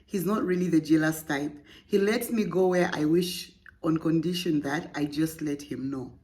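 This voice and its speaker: A woman's voice: deep voice, normal speed, darkish tone. A young woman hosting a podcast, reading a listener's story aloud and breaking off with playful, laughing, teasing asides. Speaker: podcast host.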